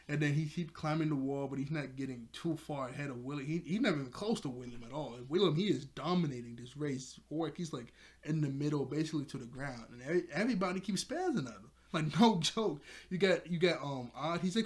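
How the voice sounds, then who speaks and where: A young man casually recapping a cartoon episode, animated, acting out the characters' lines and laughing often. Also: on the high side, quick pace, few pauses. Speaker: episode reviewer.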